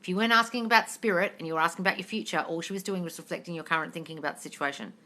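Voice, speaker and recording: A woman's voice: lowish voice, racing, sharp tone. A woman, answering viewers' questions on a live stream in a casual, blunt way, swearing freely and calling listeners darling.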